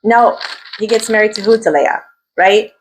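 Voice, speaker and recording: A woman teaching a weekly Torah class, asking her listeners questions and tagging sentences with "right?". She mixes Hebrew terms into her English and acts out the figures in the story with sudden high voices. A faint hum of room sound sits behind her. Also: moderate pace, rough recording.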